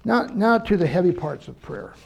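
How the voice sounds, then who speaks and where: A man's voice: high voice, expressive, moderate pace, gravelly, breathy edge. An older man preaching a conversational sermon, earnest and personal, telling stories to make his point. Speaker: pastor.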